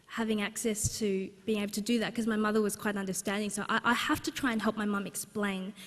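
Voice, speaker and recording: A woman's voice: mid-range voice, flat delivery, quick pace. A woman giving a humorous, anecdotal personal talk to a live audience, with plenty of fillers. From Australia. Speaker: speaker at a book launch. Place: large exhibition hall, live audience. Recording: long hall reverb.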